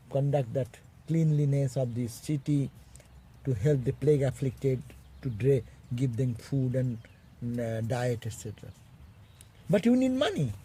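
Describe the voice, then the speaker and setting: A monk teaching a spiritual class, telling stories in a halting way and chuckling often. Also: male voice, mid-range voice, warm tone, husky. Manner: halting, restarts phrases. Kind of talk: storytelling sermon.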